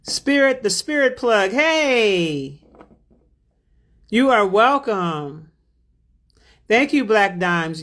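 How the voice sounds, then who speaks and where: A woman's voice: mid-range voice, big pitch swings, drawn-out words, long pauses, a bit bright. Drawling woman thanking livestream viewers. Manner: drawling, affectionate, calls viewers baby and beloved. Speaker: spiritual healer hosting a livestream. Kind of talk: livestream chat, reading out viewer donations.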